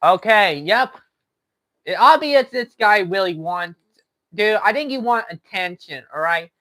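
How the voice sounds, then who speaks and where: A man's voice: sits high, lively intonation, measured pace, pushed and bright. A man streaming a game live, taunting and arguing with a viewer in chat. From Texas. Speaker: livestreamer. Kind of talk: live gaming stream talk.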